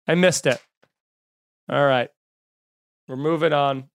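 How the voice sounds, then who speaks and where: A man from Long Island hosts a podcast and tells a funny story in a loose, chatty way. He exaggerates for laughs and acts out the scenes. His voice sits high for a man. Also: unhurried, pauses often. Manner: animated, exaggerated comic retelling. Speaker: podcast host. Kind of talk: casual comic storytelling.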